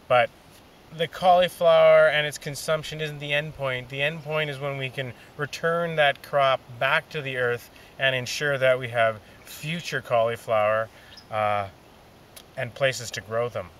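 A man giving a relaxed, folksy gardening demonstration outdoors in his vegetable garden, with many fillers. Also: medium pitch. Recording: distant outdoor mic, faint noise.

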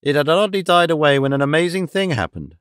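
A man reading an audiobook in a measured, even storytelling manner. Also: on the high side, clear, resonant tone, dry recording, clean studio sound. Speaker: audiobook narrator. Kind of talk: scripted narration.

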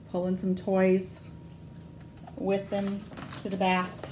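Woman, children's librarian, storytime read-aloud: slow, sing-song, expressive, with roomy echo. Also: medium pitch, a little hiss or hum.

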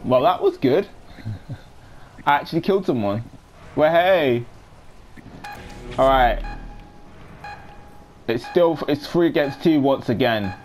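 A man's voice: medium pitch, lively intonation, slow, pauses often, a little mellow, a little hiss or hum. A young man giving casual, jokey live commentary while playing a shooter game. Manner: chatty, jokey, self-narrating. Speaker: gaming commentator.

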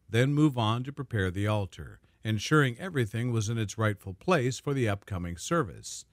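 A man narrating a scripted dramatic story in a smooth, even storytelling manner. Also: medium pitch, no room sound, clean studio sound.

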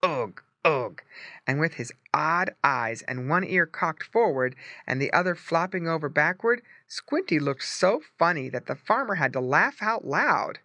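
Storybook narrator for English learners: clear, gently explaining, bright tone, animated delivery, dry close mic. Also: medium pitch, normal speed, hardly any pauses, no room sound.

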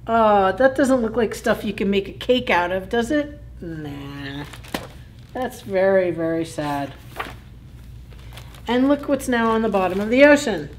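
Slow, gentle woman reading to kids. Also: medium pitch, animated, slight background noise. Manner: gentle, chatty, asks listeners questions. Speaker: children's librarian. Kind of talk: children's story time read-aloud.

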